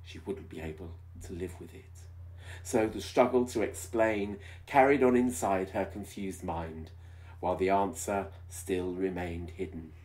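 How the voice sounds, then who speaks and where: Low-pitched and a little mellow, a man takes his time reading a romance story with exaggerated drama as a video host. He keeps breaking off to tease, his sarcastic comments wry and playful.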